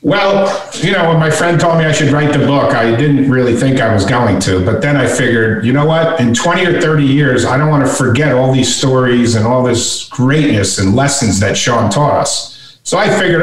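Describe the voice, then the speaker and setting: A man's voice: medium pitch, animated, moderate pace, few pauses. A middle-aged man, a guest author, telling a story in conversation and animatedly acting out the voices he quotes. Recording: echoey room, voice from far off.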